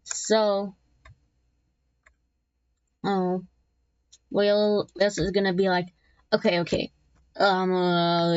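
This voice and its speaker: A woman talks through a map scenario in a loose, rambling way, often stopping and restarting with joking asides. Her voice is on the low side and she speaks slowly. The audio is dull and lo-fi, with a dry, close sound. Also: little pitch movement, a little mellow, clear, resonant tone. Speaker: map video narrator. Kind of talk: casual commentary narration. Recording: dull lo-fi recording.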